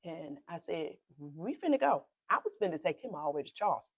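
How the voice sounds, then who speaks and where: A woman's voice: deep voice, big pitch swings, fairly quick, husky, no room sound. Southern woman pastor telling a grief-filled story. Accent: South Carolina. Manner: emotional storytelling, voice often sinking to a hushed whisper; repeats and re-enacts dialogue with quoted speech. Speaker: pastor, podcast guest. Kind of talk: personal testimony in a conversation.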